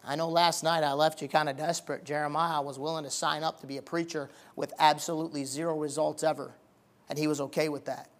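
A male pastor preaching a sermon in a folksy, plain-spoken way, moving from quiet talk to loud, emphatic fervor. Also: fairly high pitch, flat delivery, fast. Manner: colloquial, plain-spoken phrasing.

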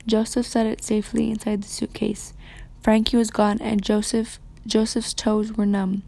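Woman reading a book out loud, soft almost whispery, mellow darkish voice. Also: mid-range voice, monotone, moderate pace, creaky. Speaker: student reader. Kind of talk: reading a novel aloud with commentary.

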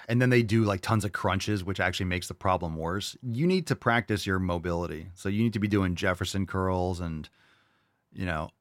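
A man's voice: low-pitched, no echo. A man hosting a podcast and answering listener questions in casual chat, blunt and profane, mocking with disbelief. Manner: blunt, profane, mock-incredulous.

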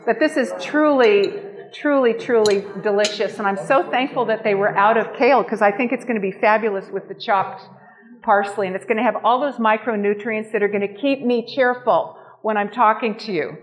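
During a live cooking demonstration, a woman teaches nutrition and cooking to a small group. Her voice is medium-pitched and her pace normal, and she sounds gushing and enthusiastic as she shows the steps.

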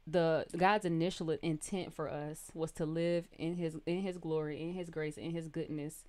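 Woman, low voice, casual faith podcast host, reads scripture, lively bursts. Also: normal speed. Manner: animated, exclaims and reads scripture aloud.

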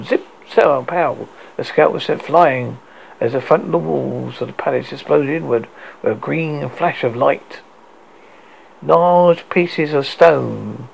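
A man's voice: mid-range voice, creaky, poor audio. A man reading a story aloud with a stumbling delivery, often restarting words.

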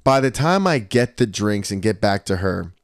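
A man's voice: lowish voice, moderate pace, no echo, studio quality. A man in his thirties hosting a podcast, telling a story with lots of swearing and acted-out quotes. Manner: animated, profane storyteller who acts out quotes. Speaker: podcast host. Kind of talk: casual storytelling.

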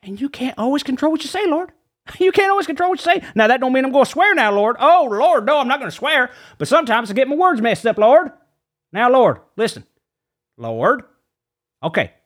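A man voicing an excitable, rambling male reverend in a comedic mock prayer. He says "Lord" after nearly every phrase and trips over his words. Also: very high voice, a little fast, exaggerated voice. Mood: fervent. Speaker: guest preacher character. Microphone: studio dynamic mic.

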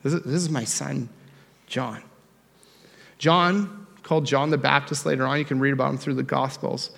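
A young man preaching a sermon as pastor, animated and joking in a conversational way. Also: mid-range voice, moderate pace, vocal fry. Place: church sanctuary. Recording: long reverb of a church hall.

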